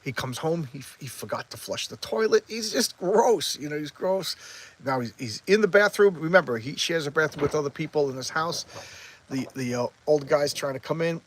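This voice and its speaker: A man casually reviewing a comic book, talking quickly and excitably with many restarts as he retells the story. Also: fairly high pitch, rough recording.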